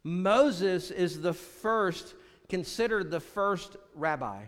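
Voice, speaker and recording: Man, pastor, sermon, high voice, long hall echo. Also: takes it slowly. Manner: preaching, drops low and quiet for emphasis.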